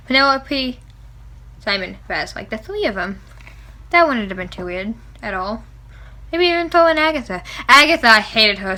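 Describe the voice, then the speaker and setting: A young woman reviewing a book she loves in a casual vlog, excitable and gushing, often gasping, laughing and saying "like". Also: medium pitch. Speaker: book vlogger.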